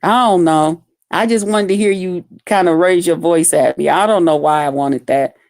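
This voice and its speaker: Animated woman in a dry close recording. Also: on the low side, moderate pace, no room sound. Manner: animated storytelling, acts out quotes loudly, laughs often. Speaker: vlogger. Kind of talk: casual chat to viewers.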